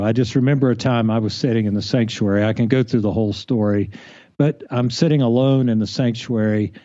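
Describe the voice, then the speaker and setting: A man's voice: mid-range voice, warm tone, no room sound. A man co-hosting a faith podcast, speaking thoughtfully and telling personal stories. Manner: thoughtful, storytelling. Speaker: podcast co-host. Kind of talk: reflective faith podcast chat. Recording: slightly dull lo-fi recording.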